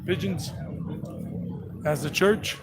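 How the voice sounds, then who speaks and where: A travel vlogger speaks slowly with vocal fry, his voice sitting high, as he guides a walking tour in a town square. Chatty and playful, he addresses animals he passes, and street noise surrounds him.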